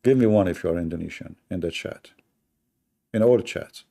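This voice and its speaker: A man's voice: deep voice, moderate pace, vocal fry, mellow. A man hosting a debate livestream, talking sarcastically and mockingly to his chat.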